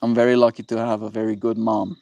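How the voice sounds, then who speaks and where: A man's voice: lowish voice, flat delivery, quick pace, gravelly, a little mellow, no echo. A man chatting casually with his live-stream viewers, playful and rambling, often checking in with "right?". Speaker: livestreamer reading chat.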